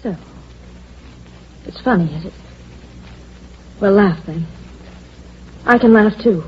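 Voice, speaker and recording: A woman playing a sharp-tongued, bitter secretary. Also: medium pitch, slow, slight background noise, close to an everyday voice. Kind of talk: 1940s radio acting. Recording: dull lo-fi old radio recording with faint music.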